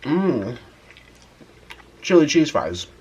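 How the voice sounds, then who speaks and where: A man in his twenties telling a casual story on camera while he eats, pausing to savour his food. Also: fairly high pitch, lo-fi sound, a little hiss or hum. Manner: animated storyteller, pauses to eat and savour food. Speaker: mukbang vlogger.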